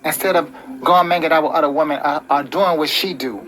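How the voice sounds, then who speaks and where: A man's voice: on the high side, fairly quick, rough recording. A man delivering a rambling, preachy relationship-advice monologue, full of "you know". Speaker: vlogger giving relationship advice. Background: background music.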